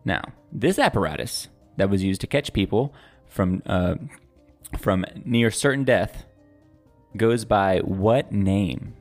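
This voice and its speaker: A man's voice: lowish voice, expressive, takes it slowly, soft background music. A man co-hosting a casual podcast, quizzing his friend with puns and playful banter. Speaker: podcast co-host.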